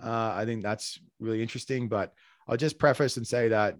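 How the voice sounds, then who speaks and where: A man's voice: lowish voice, fairly even intonation, fairly quick, dry recording, clean studio sound. A man with an Australian accent hosting a casual podcast conversation, chatty and full of restarts. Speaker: podcast host. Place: Colombia.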